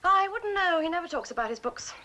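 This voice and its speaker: An actress playing a polite, hospitable innkeeper's wife in a period film. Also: female voice, extremely high pitch, animated, fairly quick, pushed and bright, exaggerated voice.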